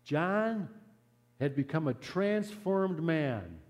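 A man preaching a sermon who tells a story in an earnest, measured way and drops to a hush at solemn moments. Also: fairly high pitch, very animated, in a large hall.

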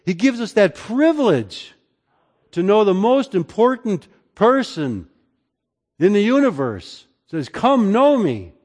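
A man preaching a sermon as pastor, moving between loud, emphatic lines and quiet, low passages. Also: very animated, slow pace. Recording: long hall reverb.

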